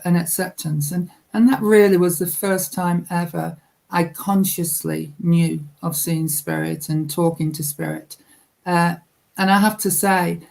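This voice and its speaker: A woman's voice: lowish voice, gravelly, darkish tone. A woman, a guest psychic medium, recounting a personal memory in a heartfelt, reflective way on a radio interview. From England.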